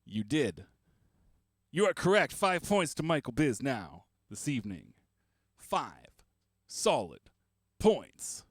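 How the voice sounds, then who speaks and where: A man's voice: mid-range voice, very animated, a little slow, no echo, clean studio sound. A man hosting a beatmaking livestream, chatting casually and rambling with self-mocking jokes while he works. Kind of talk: casual livestream chat while making beats.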